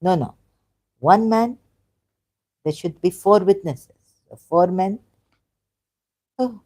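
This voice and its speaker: A woman's voice: on the low side, slow pace, warm tone. Exasperated woman reading and arguing back. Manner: exasperated, argumentative, stumbling over words. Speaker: religion critic reacting to a video. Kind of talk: casual commentary reading and reacting aloud.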